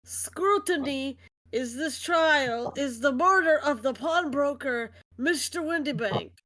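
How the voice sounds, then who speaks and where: A woman voicing a stern elderly male judge in a fan voice-acted game stream, with formal, solemn, drawn-out pronouncements. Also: high voice, expressive, fairly bright tone, full character voice, poor audio. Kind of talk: amateur voice acting on a stream.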